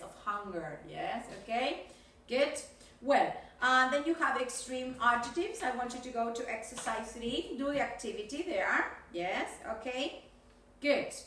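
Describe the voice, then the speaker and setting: Slow, bright woman teaching English. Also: on the high side, recorded from a distance. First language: Spanish. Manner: slow and deliberate, checking with frequent "yes? okay?". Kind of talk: recorded video lesson. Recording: roomy echo, voice from off the mic.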